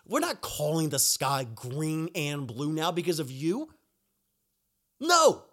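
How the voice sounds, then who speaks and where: A man's voice: fairly high pitch, sing-song, takes it slowly, fairly bright tone. A young man hosting a podcast, delivering a heated, profane rant and repeating himself when angry. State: recovering from being sick. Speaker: podcast host. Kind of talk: angry ranting monologue.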